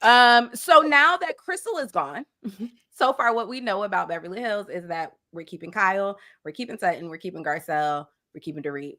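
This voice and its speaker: A woman hosting a podcast, chatting casually with animated, playful, shady banter. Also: deep voice. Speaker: podcast host. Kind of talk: casual chat.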